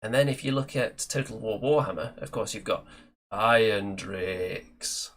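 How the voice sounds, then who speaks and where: A man hosting a casual hobby chat show, talking in a relaxed, chatty way and thinking aloud. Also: medium pitch, fast, husky. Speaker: show host.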